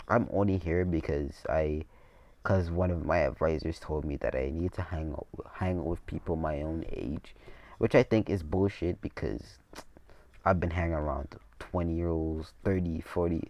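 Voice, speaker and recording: A man's voice: sits low, normal speed, darkish tone. A young man casually retelling a fan story in a rambling way, with many restarts and swearing asides.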